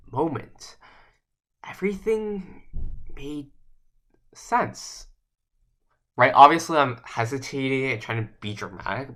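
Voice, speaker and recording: A man's voice: mid-range voice, pushed and bright. A man coaching speech and debate in a casual instructional video, explaining step by step and often checking in with "right?".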